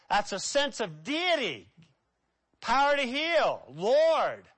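A man preaching a sermon, acting out voices and swinging between loud dramatic lines and hushed asides. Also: high-pitched, sing-song, a little slow.

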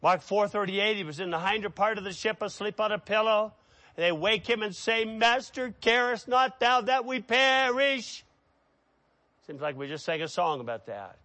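A man preaching a sermon who reads scripture aloud, raising his voice for the quoted cries and dropping low when he cites chapter and verse. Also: lively intonation, fairly quick, bright, forceful tone, dry recording.

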